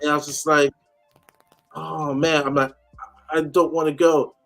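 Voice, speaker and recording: A man's voice: on the high side, level tone, a little slow, gravelly, a bit bright, faint music behind. A man chatting casually on a call-in show, telling a story animatedly and acting out the people he quotes. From United States.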